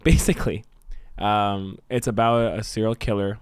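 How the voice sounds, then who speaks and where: A man's voice: fairly low pitch, steady tone, moderate pace, clean tone, dry recording. Laid-back sweary guy brainstorming. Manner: rambling, sweary, laughs often. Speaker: podcast co-host. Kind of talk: casual brainstorming chat.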